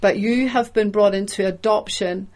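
A woman preaching a sermon in a measured, emphatic way, explaining the meaning of words as she goes. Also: mid-range voice, steady tone, a little mellow.

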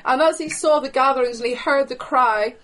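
A woman delivering charismatic prophetic prayer over a video call, fervent, with breathy exclamations. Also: high-pitched, fairly quick, fairly bright tone, low-quality recording.

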